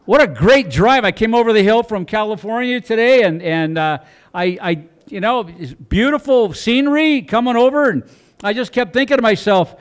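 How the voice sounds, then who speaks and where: An older man with a notably high voice does a stand-up comedy set on a club stage. He rambles in a folksy, self-mocking way into a handheld microphone. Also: animated, moderate pace, smooth.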